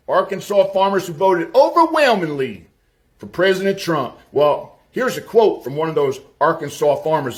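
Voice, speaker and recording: Crude, scornful male commentator, slow delivery. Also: a little high. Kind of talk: mocking commentary.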